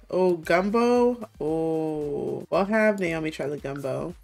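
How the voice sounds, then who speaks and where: A woman's voice: deep voice, expressive, slow, a little mellow. A young woman giving chatty, playful commentary while playing a life simulation game, laughing often. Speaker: gaming creator.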